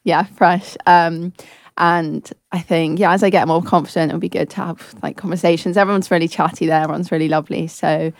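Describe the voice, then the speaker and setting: A young woman speaks hesitantly as a radio guest, her voice fairly low. The sound is dry and close. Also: fairly even intonation, brisk, creaky, dry recording. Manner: shy, hesitant.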